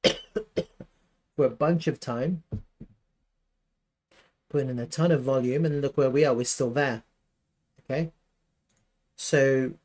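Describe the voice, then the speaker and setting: A man's voice: medium pitch, a little mellow. Casual man thinking aloud over charts. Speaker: crypto chart analyst. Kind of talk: live chart analysis.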